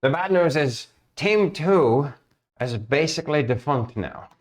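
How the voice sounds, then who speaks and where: A man's voice: a little high, animated, measured pace, pitched above the performer's own voice. A man voicing a worried, long-winded male guild master who stammers as he frets.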